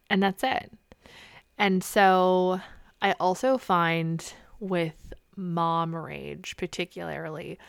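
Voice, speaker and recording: Candid, exasperated woman podcaster, low-pitched. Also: no room sound. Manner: candid, exasperated, swears casually. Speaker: podcast host. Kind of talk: solo podcast monologue.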